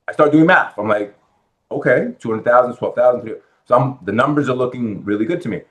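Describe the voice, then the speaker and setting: A man's voice: medium pitch, brisk. A middle-aged man from the Bronx, a guest in a podcast interview, telling his story and acting out what people said to him. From Bronx, New York. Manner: animated storyteller acting out quoted dialogue. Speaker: guest, real estate lender.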